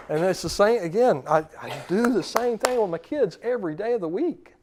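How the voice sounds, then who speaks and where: A man's voice: high-pitched, expressive, a little hiss or hum. A man in his thirties, a dog trainer, giving a seminar talk and acting out commands and dogs' thoughts. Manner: forceful, acts out commands and dog thoughts in quick voices.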